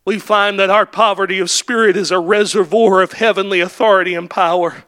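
Preacher guy, really high bright voice, yells his way up through repeated lines then goes quiet and asks questions. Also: steady tone, fairly quick, clean tone. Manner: builds to impassioned shouted climaxes, then drops to quiet; rhetorical questions and repeated refrains. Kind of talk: sermon.

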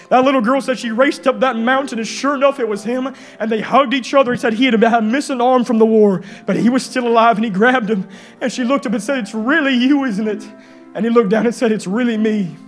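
A man preaches a fervent sermon in a church, his very high voice breaking into shouts. Soft piano music plays faintly beneath him. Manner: fervent, shouting with rising intensity.

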